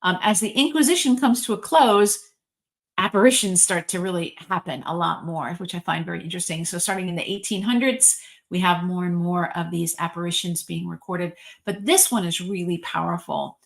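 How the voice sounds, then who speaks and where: A woman with a lower voice gives a relaxed spiritual talk as a reverend. She retells an old religious story in a chatty, storytelling way, dotted with ums and likes. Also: fairly quick, gravelly. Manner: chatty and warm-hearted, frequent ums and likes, lively storytelling.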